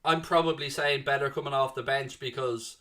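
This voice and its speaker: A man's voice: medium pitch, fairly even intonation, a little fast, pushed and bright. A man hosting a live fan watchalong of a football match. He talks off the cuff with fillers and reads out and answers comments from the chat. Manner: chatty, thinks aloud with fillers.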